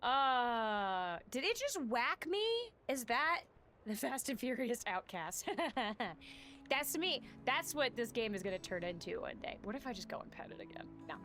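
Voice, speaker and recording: Lively, high-pitched woman streamer. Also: a little slow, a little hiss or hum. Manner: chatty, self-mocking, swearing. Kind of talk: live gameplay commentary, reading game text aloud.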